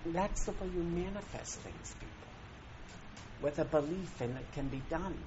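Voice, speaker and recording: A man giving an inspirational talk to an audience, emphatic and preacherly, swinging between loud and soft. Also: fairly high pitch, normal speed, highs cut off, noisy background. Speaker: spiritual teacher.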